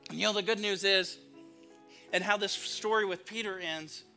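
Bright, high-voiced male pastor preaching. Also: steady tone, normal speed, soft background music. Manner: earnest, emphatic preaching with repeated phrases. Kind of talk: sermon.

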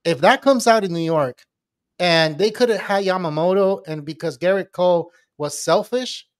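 High-voiced man in casual sports chat. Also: moderate pace. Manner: loose, rambling, laughs often. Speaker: podcast co-host.

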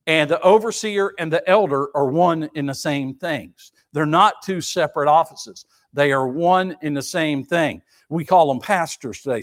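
A pastor preaches a sermon in a high voice, speaking emphatically and repeating himself for effect while posing rhetorical questions to the congregation.

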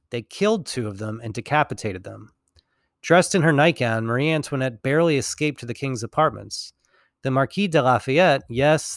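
Guy lecturing on history, laid back and a bit wry, middle pitch, dry close sound. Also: dry recording. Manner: relaxed, wry asides, self-corrects.

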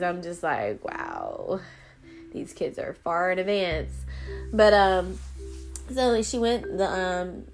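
Rambling woman telling a storytime. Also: medium pitch. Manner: rambling, animated, many restarts and fillers. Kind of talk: casual storytime to viewers.

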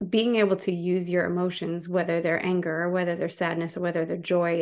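A woman's voice: fairly low pitch, vocal fry. A woman, a guest activist, talking passionately in a casual interview and telling stories with frequent restarts.

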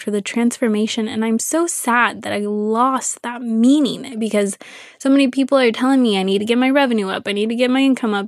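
A woman's voice: on the high side, no room sound, clean studio sound. A young woman hosting a solo podcast as a coach, talking earnestly and emotionally, often repeating words for emphasis. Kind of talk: reflective solo podcast monologue.

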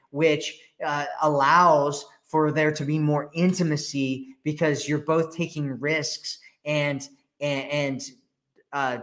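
A man's voice: fairly high pitch, fairly bright tone. A man hosting a dating advice podcast, talking casually with many fillers and restarts. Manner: chatty, lots of fillers and restarts.

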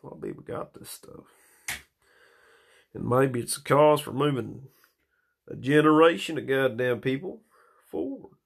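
A man in a small room at home talking into a phone, rambling and swearing in a slightly hoarse stream of consciousness. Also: medium pitch, measured pace, pauses often. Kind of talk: rambling casual monologue.

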